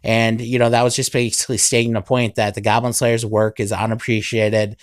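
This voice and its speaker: A man's voice: lowish voice, flat delivery, fairly quick, smooth, dry recording, clean studio sound. A young man casually recapping an anime episode as a reviewer, rambling with lots of "um" and "basically".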